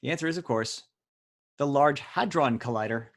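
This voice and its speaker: A man's voice: mid-range voice, normal speed. Joking man hosting a quiz. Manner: joking, teasing, chatty. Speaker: quiz host. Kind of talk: hosting a live online word quiz. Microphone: video call audio.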